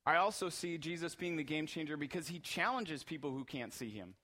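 A male pastor with a somewhat high voice delivers an earnest sermon. He builds his points through repeated, emphatic phrases. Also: expressive, a little fast, sharp tone.

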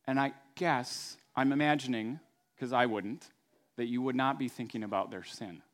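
A man's voice: mid-range voice, normal speed. A man preaching a sermon in a conversational, storytelling way. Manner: conversational storytelling, acts out voices. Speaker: pastor.

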